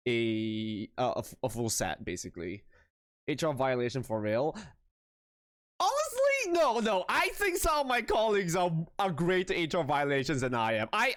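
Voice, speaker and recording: A man's voice: on the high side, dry recording, studio quality. Tired, giggly young streamer guy. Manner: swears freely, giggly, self-mocking, rambling. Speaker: live streamer. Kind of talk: casual chat with viewers.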